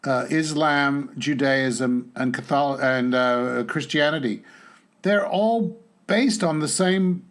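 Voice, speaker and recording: Halting man hosting a chat show. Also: mid-range voice. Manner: musing, halting, many fillers. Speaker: podcast host. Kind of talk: casual political chat.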